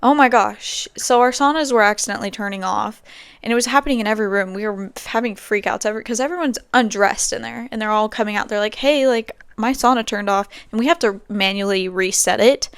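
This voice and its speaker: A young woman hosts a podcast, rambling through stories in casual chat packed with fillers. Her medium-pitched voice is quick, creaky, and a bit bright, with a clean tone and no echo.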